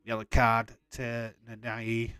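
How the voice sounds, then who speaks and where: A man's voice: mid-range voice, monotone, slow pace, pushed and bright, clear, resonant tone, no room sound. A man hosting a casual live watch-along, chatting loosely and laughing often. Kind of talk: casual live-stream chat.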